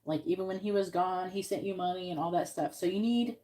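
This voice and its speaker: A woman's voice: lowish voice, brisk, warm tone. A woman giving frank, swear-laden advice as a psychic tarot reader on a live stream, coaching the client on what to say.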